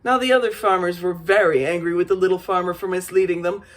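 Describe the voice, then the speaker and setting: A woman reading an old fairy tale aloud as a storyteller, lively, with small slips and restarts. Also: on the low side, fast.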